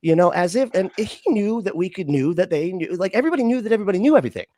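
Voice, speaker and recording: A man's voice: high-pitched, expressive, racing, warm tone, no echo. A man in casual livestream chat, rambling and profane, packed with "like" and "you know". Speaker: livestream co-host.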